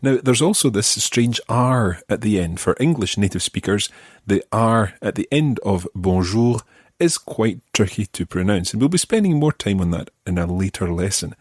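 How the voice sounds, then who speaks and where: A Scottish man teaching a podcast language lesson, patiently modelling each word slowly and carefully. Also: fairly low pitch, lively intonation, slightly rough, no echo, studio quality. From Scotland.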